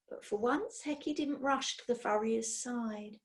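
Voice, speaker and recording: A woman reading a children's storybook aloud in an expressive way. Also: a little high. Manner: slow, expressive.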